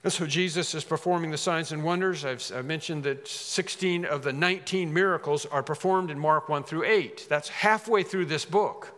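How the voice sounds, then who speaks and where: A man preaching a sermon, animated, acting out quoted lines with rising emphasis. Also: on the high side, moderate pace, hardly any pauses, big-room sound.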